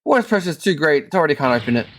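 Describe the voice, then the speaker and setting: A woman's voice: low voice, sing-song, very fast, soft background music. A woman streamer casually playing through a game, reading its lines aloud and muttering asides.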